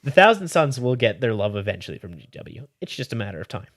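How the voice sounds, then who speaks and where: A man's voice: mid-range voice, very animated, fast talker, fairly bright tone, no echo, clean studio sound. A man hosting a hobby podcast, chatting casually and reassuringly, rambling with frequent restarts. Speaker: podcast host. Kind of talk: casual chat.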